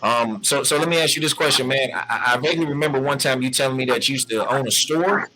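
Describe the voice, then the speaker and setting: A man's voice: mid-range voice, fast, over music, poor audio. A man hosting a casual interview, laid-back and encouraging, who calls his guest "man" and "bro". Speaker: interview host.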